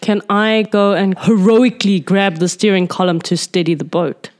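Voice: mid-range voice, fairly even intonation, normal speed. A player in a tabletop role-playing game, describing actions in a casual, nonchalant way. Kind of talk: tabletop role-play chat.

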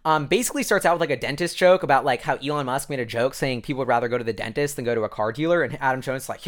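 A male vlogger talks through a recap in a casual, rambling way. He rushes along at a quick clip and fills his sentences with fillers. His excitement spikes now and then, and his voice sits at an ordinary pitch.

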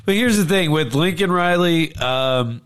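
A man talking casually about college football, animated and swearing freely as he acts out what others said. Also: a little high, unhurried, smooth. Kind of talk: casual sports chat.

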